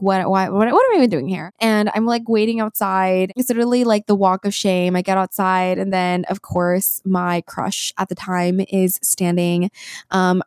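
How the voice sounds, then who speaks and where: A woman's voice: medium pitch, a little mellow, clear, resonant tone, dry recording, clean studio sound. A young woman hosting a podcast, telling a story in a chatty, casual way with lots of fillers. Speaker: podcast host.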